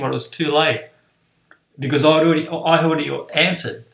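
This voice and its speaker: A man's voice: a little high, steady tone, a little fast, fairly bright tone, echoey room, poor audio. A man telling a personal story from his school days, acting out the voices of his teacher and classmates. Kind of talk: personal anecdote.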